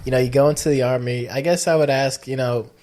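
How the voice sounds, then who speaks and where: A man's voice: mid-range voice, fairly even intonation, fast talker, darkish tone. A young man hosting an interview, asking loose questions full of "like" and "you know.". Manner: rambling questions full of fillers. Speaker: host. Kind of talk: casual interview.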